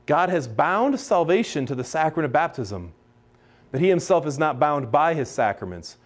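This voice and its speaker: A man's voice: a little high, big pitch swings, normal speed. An American man, a priest, teaching a class in a casual, chatty way, with many restarts and acted-out quotes of other people.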